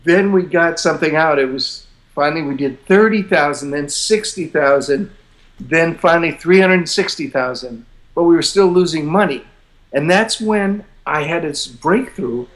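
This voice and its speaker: An older man being interviewed, telling his story in a relaxed, self-deprecating way with frequent chuckles. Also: a little high, moderate pace. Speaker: interview guest, publisher.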